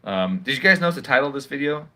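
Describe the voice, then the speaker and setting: A man's voice: medium pitch, lively intonation, rapid-fire, pushed and bright. Profane, sarcastic man ranting on a livestream. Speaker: live streamer. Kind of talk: casual livestream rant. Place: at home.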